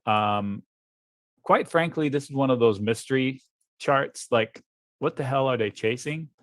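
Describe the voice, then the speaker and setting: Male guest trader, blunt and offhand, mid-pitched, dry close mic, live webinar chart talk. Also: dry recording. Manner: blunt, quick asides, thinks aloud over charts. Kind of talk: live trading webinar commentary.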